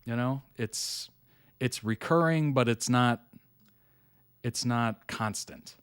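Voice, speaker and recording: A man's voice: medium pitch, slow pace, smooth, no echo, studio quality. A middle-aged man hosting a reaction video, chatting in an easygoing way and laughing often. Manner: reads article text aloud plainly. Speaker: reaction channel host. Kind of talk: casual reaction commentary.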